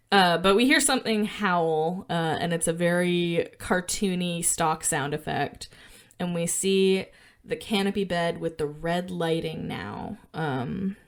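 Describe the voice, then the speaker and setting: A woman with a somewhat low voice co-hosts a podcast, recapping a film scene in a relaxed chat. She talks loosely, leaning on fillers and breaking into small laughs. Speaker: podcast co-host.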